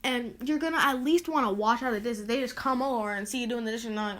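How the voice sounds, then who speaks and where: A woman's voice: a little high, quick pace, few pauses, a bit bright. A woman hosting a casual solo podcast, rambling and exasperated as she lists her pet peeves with lots of "like"s. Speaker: podcast host.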